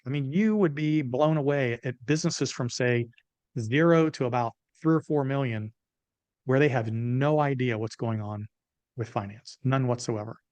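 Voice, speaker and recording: A middle-aged man tells emphatic, animated stories as an interview guest. His voice sits in an ordinary middle pitch. The recording is close and dry with no room sound. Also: moderate pace, dry recording. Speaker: business consultant guest. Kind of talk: interview storytelling.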